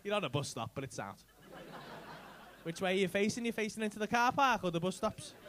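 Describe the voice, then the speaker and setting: High, lively cheeky comedian on stage. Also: male voice, brisk, noisy background. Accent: English. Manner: cheeky, teasing, sweary banter. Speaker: stand-up comedian doing crowd work. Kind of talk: live stand-up crowd work. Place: comedy club stage with audience. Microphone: handheld stage mic.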